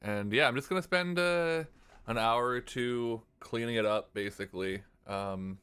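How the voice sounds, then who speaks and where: A man streaming while he composes, thinking aloud in a relaxed way and now and then scatting a melody. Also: medium pitch, measured pace, smooth. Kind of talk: casual livestream talk. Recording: faint music under voice.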